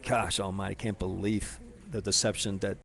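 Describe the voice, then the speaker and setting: A man telling a personal story in a rambling, halting way, full of restarts and fillers, speaking to someone he addresses directly. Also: lowish voice, flat delivery, gravelly.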